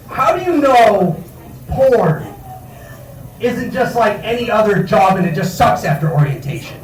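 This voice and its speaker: A man's voice: high-pitched, sing-song, normal speed, roomy sound, recorded from a distance, poor audio. A man hosting a comedy night in a bar, doing stand-up with a rambling, self-correcting delivery.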